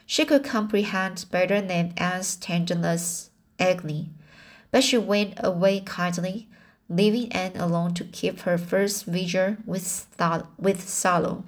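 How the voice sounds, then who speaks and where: A woman reading a classic novel aloud as audiobook narration, slowly, often restarting words and correcting herself. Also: fairly low pitch. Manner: slow, with frequent restarts and self-corrections. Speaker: audiobook reader.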